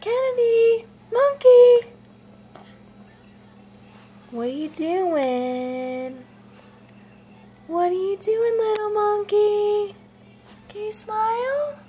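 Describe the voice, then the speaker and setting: A woman's voice: very high-pitched, expressive, extremely slow, pauses often, dark tone, slight background noise. A woman talking baby talk to an infant at home in a cooing, sing-song voice. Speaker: parent filming an infant.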